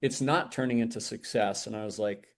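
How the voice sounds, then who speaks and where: A middle-aged man, an entrepreneur being interviewed, telling his story in a lively conversational way and acting out the lines of people he quotes. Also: fairly low pitch, brisk. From United States. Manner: animated, acts out quoted dialogue. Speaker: podcast guest, entrepreneur.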